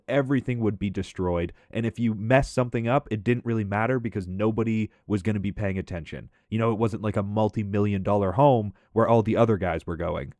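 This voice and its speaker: A man casually telling funny stories about an old coworker as commentary over gameplay, talking in a lively, profane way. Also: fairly low pitch, dry recording, clean studio sound. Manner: animated, profane, conversational. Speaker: gaming commentator and storyteller.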